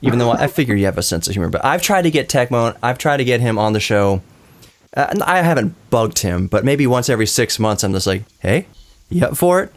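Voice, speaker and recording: A man's voice: mid-range voice, animated, fast talker. A man hosting a casual roundtable podcast, rambling and correcting himself with apologetic asides. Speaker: podcast host.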